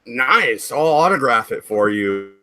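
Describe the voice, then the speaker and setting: A man's voice: mid-range voice, big pitch swings, a little slow, bright, forceful tone, dry recording. A man hosting a casual group podcast, joking around, laughing often and trying out silly accents. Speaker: podcast host.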